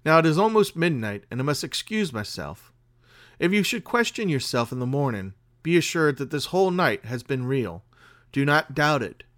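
A man's voice: on the high side, moderate pace. Cryptic mysterious woman, as a male reader puts her on. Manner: cryptic, flat, final. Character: mysterious calm woman fortune-teller, cryptic. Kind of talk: read-aloud story dialogue.

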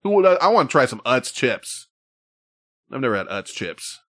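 A male host chats casually on a live stream, rambling and swearing as he goes. His voice is mid-pitched and sounds close and dry, with no room around it. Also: very animated, moderate pace, fairly bright tone, no room sound. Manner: loose, profane, rambling.

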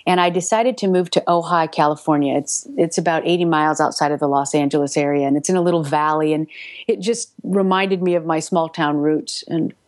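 Woman audiobook narrator, lower register, chatty and animated, dry studio sound. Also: brisk, no echo. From United States. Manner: chatty, animated storytelling with many restarts. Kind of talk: casual interview.

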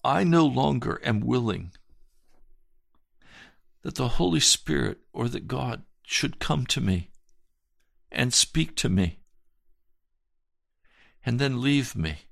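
A man in the role of a pastor delivers a broadcast sermon testimony in an earnest, emphatic way, slowing down on key phrases. His voice has a gravelly edge and sits at an ordinary pitch for a man. The recording is dry and close, with no room echo. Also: animated.

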